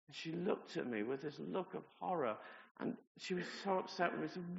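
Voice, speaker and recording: Earnest preacher in a hall. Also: male voice, fairly high pitch, lively intonation, fairly quick, creaky. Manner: earnest, conversational, with personal stories and self-deprecating asides. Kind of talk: sermon. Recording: reverberant hall, dull lo-fi sound.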